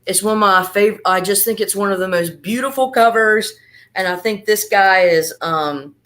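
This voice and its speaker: A woman's voice: medium pitch, fairly bright tone. Rambling woman guest on a video call. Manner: rambling, halting with restarts. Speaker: panel guest. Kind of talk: casual panel chat.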